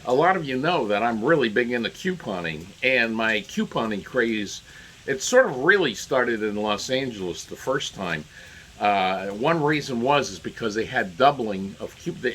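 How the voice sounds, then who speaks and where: Male commentator, excitable rambling storyteller; bright, slightly husky voice. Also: medium pitch, low-quality recording. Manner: rambling, repeats himself, excitable. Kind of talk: casual monologue commentary.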